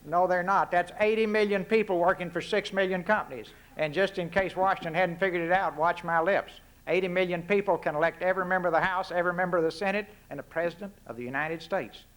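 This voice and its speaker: A man's voice: sits high, fairly even intonation, quick pace, few pauses, a bit bright. A man in his sixties with a Texan accent giving a folksy, punchy public address in a university lecture hall, firing off rhetorical questions. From Texas. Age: 60s. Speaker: public speaker.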